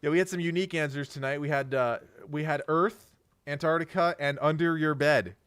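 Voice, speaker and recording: A man's voice: a little high, steady tone, a bit bright, smooth, no echo. A man streaming a game live, chatting casually and reading out where his viewers are tuning in from. He has kids. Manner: upbeat, reads viewer names in a quick rattled list. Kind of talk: casual live-stream chat while gaming.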